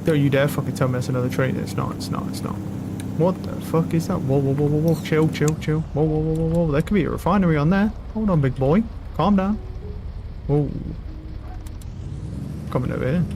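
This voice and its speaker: A young man streaming a game, talking loudly and excitably with lots of swearing to his chat and a friend. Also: a little high, brisk, noisy background. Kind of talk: casual live-stream commentary. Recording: game music loud behind voice. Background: game music.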